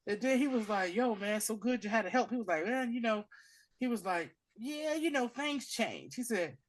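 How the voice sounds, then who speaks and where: Animated man recapping a show. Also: high voice, moderate pace. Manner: animated retelling, acting out characters' lines in a slangy voice. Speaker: podcast host. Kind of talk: casual episode recap.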